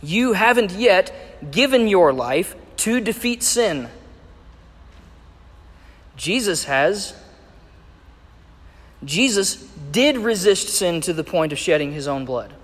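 A man preaching a sermon, measured and emphatic as he reads and explains scripture. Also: sits high, lively intonation, a bit bright. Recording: echoey hall with long reverb.

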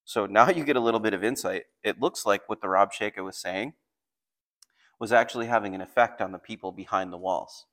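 A man preaches at a moderate pace in a lowish, slightly bright voice. As a pastor, he mixes straightforward explanation of a passage with scripture readings delivered with increasing force.

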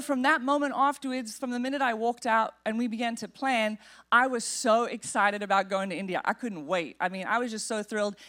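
A woman pastor preaching in a church, telling a personal story in an animated, humorous way. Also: on the high side. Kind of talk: storytelling sermon. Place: church sanctuary.

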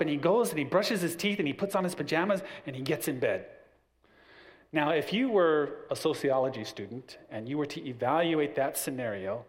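A man giving a church parenting talk, explaining his points through stories with acted-out voices. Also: a little high. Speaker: parenting class teacher.

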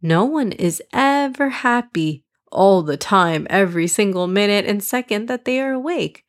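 A woman voicing a patient, loving mother in a children's storybook, speaking gently and coaxingly. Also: medium pitch, lively intonation, normal speed, close to an everyday voice. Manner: gentle, coaxing, slightly raised.

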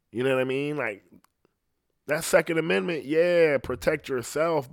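A man's voice: medium pitch, dry recording, studio quality. A man doing a stand-up comedy monologue, rambling and swearing constantly. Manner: profane, rambling, fast.

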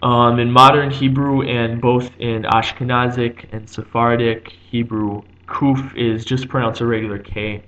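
Male teacher type, mid-range voice, halting and unscripted, lots of ums, muffled lo-fi sound. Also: medium pitch, little pitch movement, fairly bright tone. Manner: thinking aloud, with frequent ums and restarts. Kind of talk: unscripted explanation.

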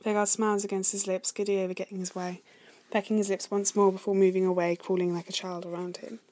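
Woman reader, steady soft narration, mid pitch, reading aloud. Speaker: story reader. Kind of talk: read-aloud fan fiction narration.

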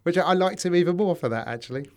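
A man's voice: high voice, expressive, rapid-fire, darkish tone, slight background noise. A man co-hosting a podcast, telling anecdotes in a sweary, jokey way. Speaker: podcast co-host. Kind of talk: casual chat.

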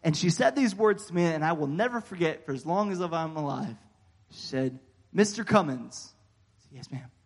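An American man preaching a sermon, telling a personal story in a folksy, animated way with frequent fillers and amens. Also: a little high, normal speed. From United States. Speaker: pastor.

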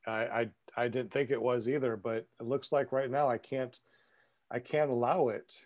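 A man co-hosting a casual chat who explains comment rules. He speaks haltingly, repeating words as he goes. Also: mid-range voice, steady tone, no echo, clean studio sound. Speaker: co-host moderating chat.

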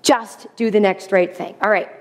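A woman's voice: mid-range voice, fairly even intonation, normal speed. A middle-aged woman giving an earnest faith teaching to a group, acting out quoted speech in changing voices. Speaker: Bible teacher.

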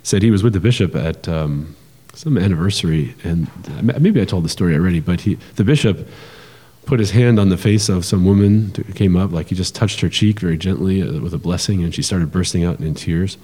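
A man's voice: low-pitched, fairly quick, dark tone, slightly rough, long reverb tail. A man co-hosting a podcast, talking casually and with animation, explaining ideas with lots of fillers and restarts. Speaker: podcast co-host. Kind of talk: casual conversational podcast talk.

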